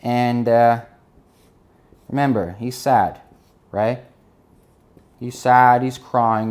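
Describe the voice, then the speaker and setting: A man giving an energetic business lesson while drawing on a board, often checking in with his listeners. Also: medium pitch, takes it slowly, long pauses. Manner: energetic, keeps checking in with "right?" and "okay?". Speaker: business instructor.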